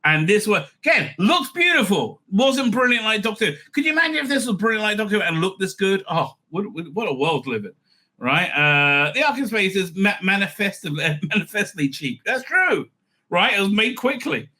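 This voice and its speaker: This man hosts a review show, delivering opinionated commentary packed with fillers, restarts, and sarcastic asides. His voice is high-pitched and fairly quick, and his manner is animated.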